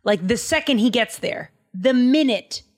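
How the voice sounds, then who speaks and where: A woman co-hosting a podcast, retelling a Bible story in casual chat, animated and slangy, acting out the dialogue. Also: a little high, measured pace. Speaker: podcast co-host.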